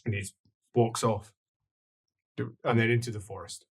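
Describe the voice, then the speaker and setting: A man narrating as game master of a tabletop game, mostly quiet with sudden loud bursts for characters. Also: on the low side, fairly even intonation, normal speed, slightly rough.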